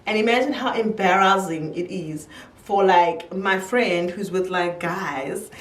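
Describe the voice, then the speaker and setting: A young woman telling a casual storytime, animated, her voice jumping high whenever she quotes someone. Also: measured pace, recorded from a distance. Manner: animated storyteller, jumps high when quoting. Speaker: YouTuber. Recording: roomy echo, a little off-mic.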